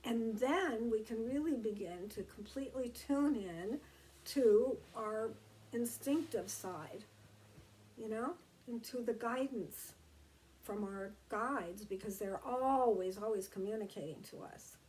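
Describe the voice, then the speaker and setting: A woman giving a reflective motivational talk, gentle and meandering, with many fillers and restarts. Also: on the high side, takes it slowly, poor audio.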